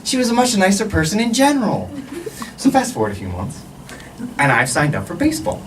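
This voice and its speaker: A young man telling a stand-up story on a club stage, animated and lively, mimicking the people in it. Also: sits high, fairly quick. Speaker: stand-up comedian. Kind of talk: stand-up comedy set. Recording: distant mic with background noise.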